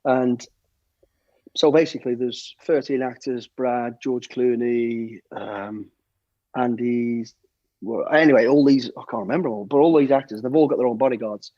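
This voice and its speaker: A man's voice: mid-range voice, normal speed, dry recording, highs cut off. A middle-aged man telling anecdotes as a podcast guest, stumbling over repeated words and acting out what people said. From United Kingdom. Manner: lively storyteller, repeats words, acts out quotes. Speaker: guest, former soldier and bodyguard. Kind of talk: anecdotal storytelling.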